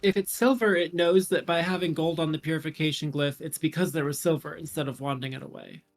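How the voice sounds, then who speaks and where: A man's voice: a little high, fairly even intonation, fast talker. A man commentating casually on a tournament stream, thinking aloud through numbers and puzzle solutions.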